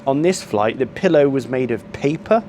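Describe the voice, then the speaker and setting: A man's voice: mid-range voice, lively intonation, normal speed, warm tone, a little hiss or hum. A man, telling a rambling travel story to camera and complaining at length, with frequent ums and restarts. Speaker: travel vlogger.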